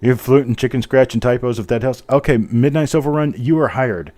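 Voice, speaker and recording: A man's voice: medium pitch, fairly quick, darkish tone. A man hosting a live coin auction stream, chatting casually, poking fun at himself and reading out bidders while he types. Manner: chatty, self-mocking, reads out bidders while typing.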